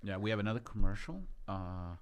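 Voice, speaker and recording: A man hosting a casual comedy chat in a studio, talking animatedly and breaking into loud bits. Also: lowish voice, a little fast, clear, resonant tone. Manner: animated, bursts into loud shouted impressions. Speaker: podcast host.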